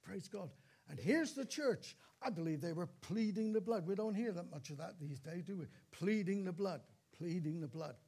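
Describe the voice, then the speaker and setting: Older male preacher, high voice, dramatic storytelling sermon, repeats lines for effect. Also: normal speed, darkish tone, slightly rough.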